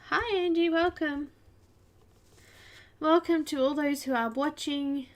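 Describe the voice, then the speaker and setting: A woman's voice: high voice, slow pace, long pauses. An Australian woman hosting a casual livestream, chatting away and greeting viewers by name. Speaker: livestream host.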